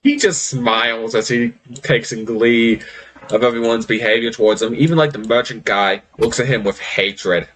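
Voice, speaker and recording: A man's voice: medium pitch, a bit bright. A man narrating a tabletop game as game master, loose and rambling. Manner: loose, rambling, quick to laugh.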